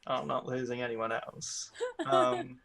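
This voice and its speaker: A man's voice: medium pitch, level tone, slow pace, gravelly, a bit bright. A man playing a tabletop role-playing game, speaking plainly and earnestly. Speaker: player. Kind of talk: casual tabletop play. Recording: faint background noise.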